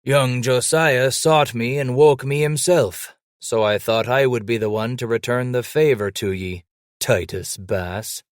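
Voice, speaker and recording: A man voicing an old white-bearded mountain man who speaks in a loud, cheerful, folksy frontier drawl and quotes scripture. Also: measured pace, dry recording, studio quality, natural voice. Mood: jovial. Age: older. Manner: booming folksy frontier drawl, Bible-quoting.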